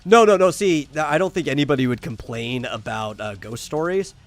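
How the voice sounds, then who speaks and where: A man's voice: on the high side, animated, fairly quick. A man co-hosting a casual podcast chat who rambles and restarts his sentences, repeating words as he goes. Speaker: podcast co-host.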